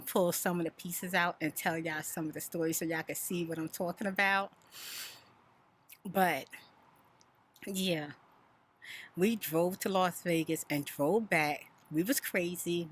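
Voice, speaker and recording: A middle-aged woman vlogger telling a rambling storytime story in a soft-spoken, chatty way. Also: deep voice, a little hiss or hum.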